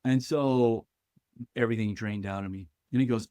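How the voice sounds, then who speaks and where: A middle-aged man telling a story on a podcast, acting out the dialogue with lively energy. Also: fairly low pitch, normal speed, no room sound, studio quality. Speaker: podcast guest.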